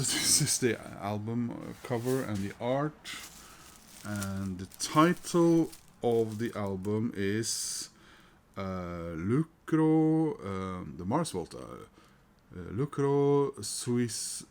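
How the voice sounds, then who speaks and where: A middle-aged record collector vlogger chats casually about his latest record haul, hesitating, restarting, filling pauses, and chuckling. His voice is fairly low and animated, and he talks slowly.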